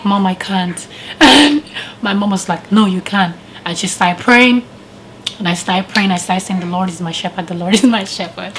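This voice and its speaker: A woman vlogger casually telling a personal story with animated retellings and frequent laughter. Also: mid-range voice, a little hiss or hum, low-quality recording. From living in Canada.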